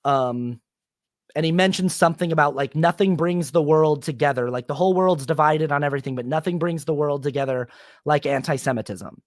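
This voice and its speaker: A young man talking casually on his solo podcast, rambling with many fillers and restarts, and turning animated when he quotes people. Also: on the high side, fairly quick, no room sound, clean studio sound. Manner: animated when quoting others. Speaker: podcast host.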